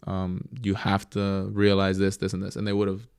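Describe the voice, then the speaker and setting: A young man with a low, gravelly voice recounts his career as a goalkeeper in a relaxed interview. He is reflective and gets lively when acting out what others said. The sound is close and dry. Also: moderate pace, no room sound. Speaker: professional goalkeeper guest. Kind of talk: casual interview storytelling.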